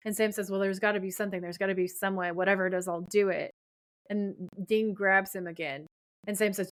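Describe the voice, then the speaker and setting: A woman's voice: medium pitch, steady tone, fairly quick, dry recording. Woman co-host recapping a show, dry sound. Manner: retelling scenes, quoting lines with light emphasis. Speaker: podcast co-host. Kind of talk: casual episode recap.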